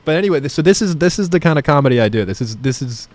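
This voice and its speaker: A man's voice: mid-range voice, lively intonation, fast talker, a little mellow. A young man, a comedian from New Jersey, rambling through stories with laughs in a casual podcast chat. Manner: rambling storytelling, self-deprecating, laughs often. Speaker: comedian guest.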